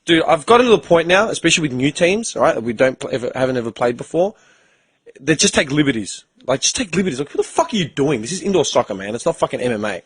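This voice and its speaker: A man's voice: on the high side, very animated, very fast, few pauses, slightly rough. A young man hosting a casual podcast chat, telling stories in a blunt, profane way. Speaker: podcast host.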